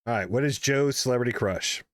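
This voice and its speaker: A man's voice: medium pitch, fairly quick, dry recording, clean studio sound. A man hosting a playful friendship quiz in a casual podcast chat, with upbeat game-show delivery. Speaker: quiz host.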